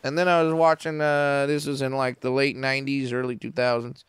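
Crisp, dry-sounding comedian telling stories. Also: male voice, mid-range voice, dry recording. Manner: profane, animated, quick to act out quotes. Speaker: comedian guest. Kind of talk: casual podcast interview storytelling. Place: podcast studio.

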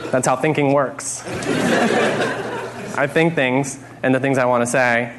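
A man's voice: mid-range voice, fairly even intonation, unhurried. A man doing a stand-up comedy set with a dry, wry delivery, played as a clip. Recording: clip with loud crowd noise. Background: audience laughter.

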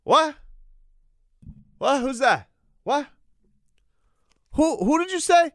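A man doing a high, exaggerated impression of a sports promoter pretending not to hear a question. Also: animated, takes it slowly, fairly bright tone, no room sound, clean studio sound, exaggerated voice. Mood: feigned confusion. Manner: squeaky, exaggerated mock confusion.

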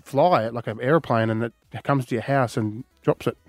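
A man's voice: mid-range voice, moderate pace, no room sound, studio quality, faint music behind. Teasing man radio co-host. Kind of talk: casual radio banter.

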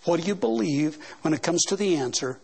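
Brief: male preacher with a high voice, earnest and emphatic, repeats words as he drives each point home. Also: lively intonation, brisk, vocal fry, a little mellow, slightly rough. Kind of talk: Baptist sermon.

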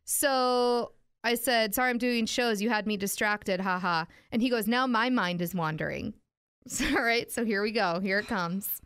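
A young adult woman, a radio personality and podcast co-host, chats casually and tells a story, giggling as she reads out messages. Her medium-pitched voice is slightly bright and clean, at a moderate pace.

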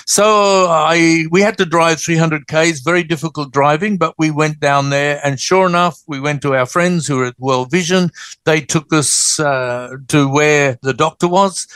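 An older Australian man, a guest, telling stories in a folksy, animated way. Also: a little high, measured pace, clean tone, no room sound. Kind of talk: storytelling interview. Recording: dry close studio sound.

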